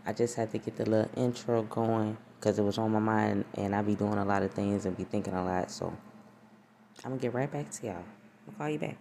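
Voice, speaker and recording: A woman's voice: extremely low pitch, fairly even intonation, brisk, gravelly, mellow, a little hiss or hum. A woman hosting her own podcast, chatting casually and rambling with profane, laughing asides. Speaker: podcast host. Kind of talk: casual solo podcast chat.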